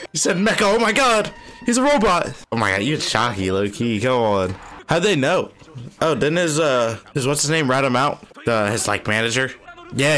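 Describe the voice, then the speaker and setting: A man hosting an anime reaction video, talking in excitable, slangy bursts full of exclamations. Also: medium pitch. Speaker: anime reaction channel host. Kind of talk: live anime reaction commentary.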